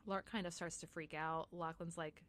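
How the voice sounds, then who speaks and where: A woman's voice: fairly low pitch, fairly even intonation, moderate pace, a bit bright, a little hiss or hum. Chatty, swearing woman recapping a book. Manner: chatty retelling, lots of "like", frequent swearing. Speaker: podcast co-host. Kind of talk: casual book recap chat.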